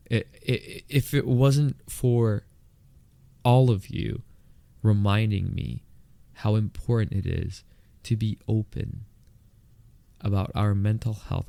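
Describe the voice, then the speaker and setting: A young man with a lisp, made stronger by retainers, hosting his own podcast in a candid, excitable way. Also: on the low side, creaky, no echo. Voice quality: lisp, more pronounced with retainers in. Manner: excitable and candid, laughs, quick asides. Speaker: podcast host. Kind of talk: solo podcast monologue. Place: indoors, filmed on camera.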